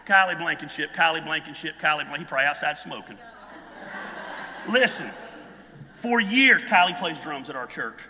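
A man in his fifties preaching a sermon, telling stories with animated energy and bursts of shouting. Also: a little high. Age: 50s. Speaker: pastor. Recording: long hall reverb.

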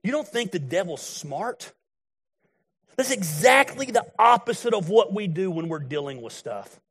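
A man's voice: high voice, very animated, measured pace, a bit bright, slightly rough. A middle-aged man preaching a sermon in a blunt, folksy, storytelling way. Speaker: pastor.

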